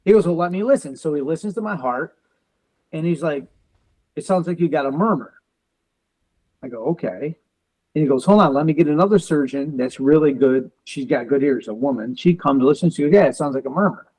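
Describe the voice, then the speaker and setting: Guest, male, 40s, veteran and police officer, slightly high voice, storyteller who acts out both sides of conversations. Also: animated, warm tone, poor audio. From United States. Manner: quotes others in quick back-and-forth, uses car comparisons. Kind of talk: animated personal storytelling.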